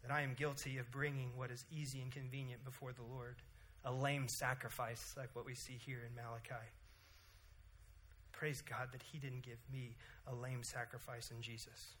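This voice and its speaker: A man in his thirties preaching a sermon in a church, animated, rising loud for emphasis and dropping quiet to pray. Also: slight background noise. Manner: animated, rises loud and high for emphasis, then drops to quiet prayer. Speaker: pastor. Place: church sanctuary.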